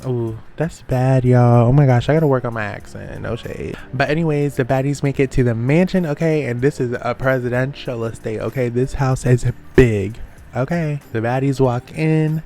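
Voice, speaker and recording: A man's voice: mid-range voice, fairly even intonation, a little mellow, soft background music. Sassy man recapping reality TV. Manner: sassy, slangy, quick asides. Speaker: reality show recap host. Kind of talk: casual recap commentary.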